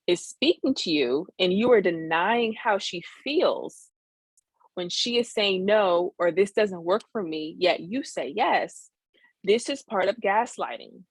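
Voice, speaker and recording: Earnest woman teaching a webinar, lowish voice. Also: slightly rough, no room sound, poor audio. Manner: earnest, keeps checking in with "right?". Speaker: therapist hosting a webinar.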